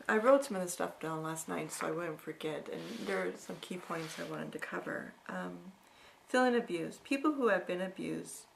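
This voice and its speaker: In candid personal talk, a middle-aged vlogger earnestly looks back on her own history, often starting sentences over. Her voice is on the low side and creaky, with a little hiss or hum in the recording.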